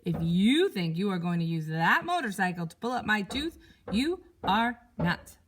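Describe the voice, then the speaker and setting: A woman voicing a small boy with a loose tooth, yelling and whining loudly in a storybook reading. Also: mid-range voice, big pitch swings, moderate pace, noisy background, close to an everyday voice. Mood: complaining. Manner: yelling, whiny and loud. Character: little boy with a sore loose tooth, wailing.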